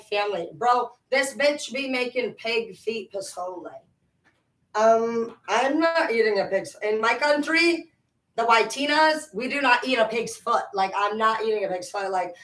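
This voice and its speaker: Brief: woman vlogger, mid pitch, rambling and profane storytelling, roomy sound, mic at a distance. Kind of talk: casual rambling chat while cleaning.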